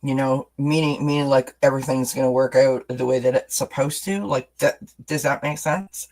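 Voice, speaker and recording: Male tarot reader on a live stream, mid-pitched, rambling and warmly chatty, lots of restarts. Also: steady tone, normal speed, low-quality recording. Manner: talks directly to viewers as friends.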